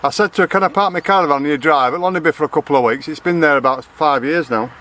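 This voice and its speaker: A man talks his way through an outdoor vlog in a loose, rambling manner, often restarting his sentences. His voice sits a touch on the high side. A faint hiss of outdoor noise runs behind him. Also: fast talker. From Lancashire, England. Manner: rambling, chatty, self-correcting. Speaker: vlogger. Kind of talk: casual outdoor vlog chat. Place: outdoors in a garden.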